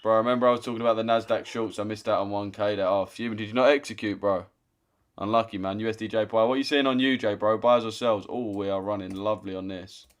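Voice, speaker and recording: A man's voice: fairly low pitch, fairly even intonation, fast. A young man chatting casually on a trading live stream, swearing and teasing viewers. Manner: swearing, banters with chat. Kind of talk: casual live-stream chat reading comments.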